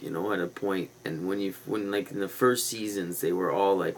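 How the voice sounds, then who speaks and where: A man's voice: deep voice, steady tone, normal speed, gravelly, few pauses, poor audio. A man hosting a livestream, rambling in a casual, meandering and conspiratorial way with loose slang. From Canada. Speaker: livestream host.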